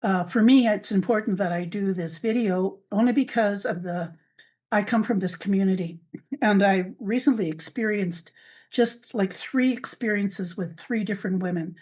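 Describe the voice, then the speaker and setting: Older woman podcaster, talks haltingly with lots of ums, dull muffled recording. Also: mid-range voice, a little mellow. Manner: halting, many fillers and restarts. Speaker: podcast host. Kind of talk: personal spoken account.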